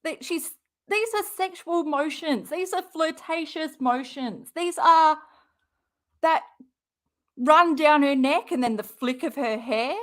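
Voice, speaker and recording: A woman's voice: high-pitched, takes it slowly. A woman hosting a casual reaction commentary, blunt and swearing freely. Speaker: reaction host.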